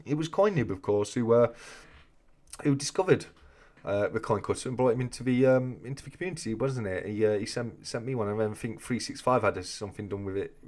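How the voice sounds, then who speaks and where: An Englishman hosts a casual livestream, chatting and joking as he reads out comments. His voice sits at a middling pitch. He keeps a loose, conversational delivery. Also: a little fast, darkish tone. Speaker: host of a coin-collecting live chat.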